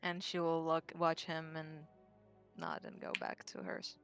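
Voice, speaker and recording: A woman narrating and speaking for her character in a tabletop game, in a gentle, soft manner. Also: low voice, level tone, unhurried, soft background music.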